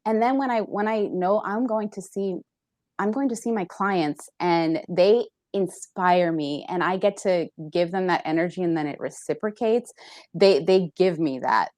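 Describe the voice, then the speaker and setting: A woman's voice: on the low side, moderate pace, darkish tone, no echo, studio quality. A woman who works as a personal trainer, talking earnestly in a casual interview, often laughing and acting out what people said. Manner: earnest, laughing, acts out quoted voices. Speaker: personal trainer, podcast guest.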